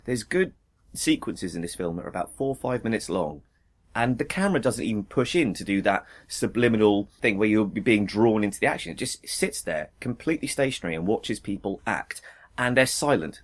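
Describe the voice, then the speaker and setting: Low-voiced man, measured film talk. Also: animated. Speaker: podcast guest. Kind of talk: casual film discussion.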